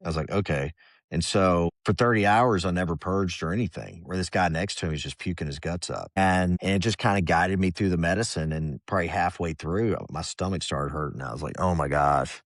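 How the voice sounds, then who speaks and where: A former soldier in middle age, speaking in a very deep, low register. He talks in a loose, rambling way, acting out the voices he heard. The sound is dry and close, with no room behind him. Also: a little fast, dry recording. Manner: relaxed, rambling, drops into quoted inner voices. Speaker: guest, former Army Ranger. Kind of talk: candid conversational storytelling.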